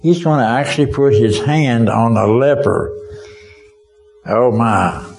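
A man's voice: mid-range voice, slow, creaky, darkish tone, faint music behind, rough recording. A man preaching a sermon as a vivid story, speaking as a witness and asking his listeners directly whether they can see it.

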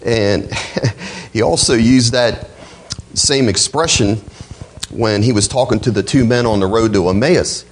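A male pastor preaching a sermon, with a slightly husky voice, quoting scripture and swinging his voice up high for emphasis. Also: poor audio. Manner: expressive preaching, voice climbing high on quoted outbursts.

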